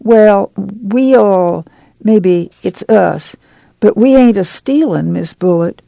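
A woman's voice: medium pitch, slow, creaky, warm tone, no room sound, voice pushed up. A reader voicing a timid, ashamed poor mother who whines in a rural folksy dialect. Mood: pleading.

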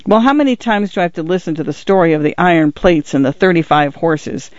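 A man's voice: on the high side, no echo, highs cut off, lightly acted. A man voicing a short-tempered rancher father who speaks curtly in a storybook reading. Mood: irritated. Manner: curt, quick to anger. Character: irritable middle-aged male rancher father.

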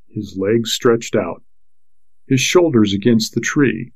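A male audiobook narrator who reads slowly and steadily at a middle pitch. His delivery is measured and unhurried. The recording is dry and close with no room sound. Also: darkish tone, no echo, rough recording. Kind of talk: scripted narration.

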